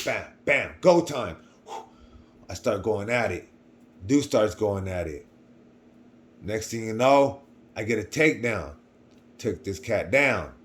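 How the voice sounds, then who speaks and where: A young man telling a personal story in casual slang, animated, acting out other people's voices and often trailing off quietly. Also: fairly low pitch.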